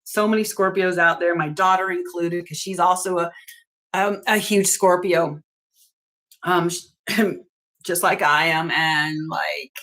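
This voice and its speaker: A woman's voice: lowish voice, steady tone, slow, a bit bright. A middle-aged woman hosting an astrology channel, talking casually and emphatically to her viewers, laughing often and giving blunt commands.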